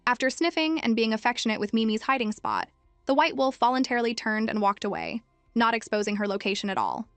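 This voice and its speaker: A woman reading a scripted story recap as narrator, in a steady storytelling manner. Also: fairly high pitch, fast, dry recording. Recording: dry close mic with faint music.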